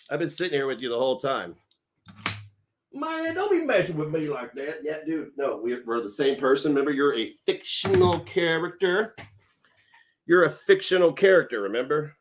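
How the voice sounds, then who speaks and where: A man's voice: fairly high pitch, sing-song, moderate pace. A man hosting a livestream, ranting in mocking, sarcastic commentary with heavy emphasis. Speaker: livestream host.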